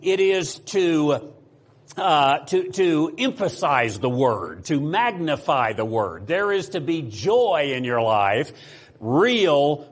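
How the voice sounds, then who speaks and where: A man's voice: a little high, breathy edge. A man from the United States preaching a sermon, talking casually with fillers, restarts and rhetorical questions to the congregation. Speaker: pastor.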